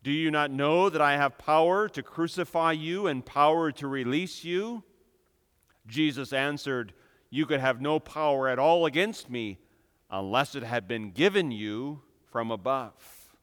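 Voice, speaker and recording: Man, sermon, emphatic preacher, fairly high voice, long hall reverb. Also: measured pace, clear, resonant tone. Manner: emphatic, rising to loud impassioned peaks.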